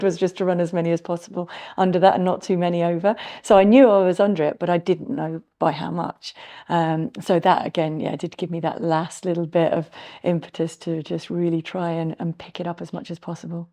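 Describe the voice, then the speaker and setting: A middle-aged woman speaks in a lowish, mellow voice. She is a podcast guest recounting her running career, telling it with animation and acting out her own thoughts. Her tone stays relaxed and conversational. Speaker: guest, former marathon runner. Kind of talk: podcast interview, reflective storytelling.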